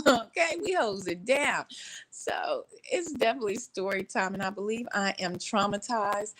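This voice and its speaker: A woman, from Texas, telling a story in casual chat from her couch at home, animated and laughing, playfully shifting her voice. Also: fairly high pitch, poor audio.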